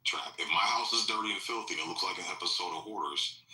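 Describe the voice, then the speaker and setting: Deep-voiced man lecturing in an echoey chat. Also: quick pace, pushed and bright, recorded from a distance. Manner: lecturing, insistent, holds the floor. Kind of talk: heated live voice-chat debate.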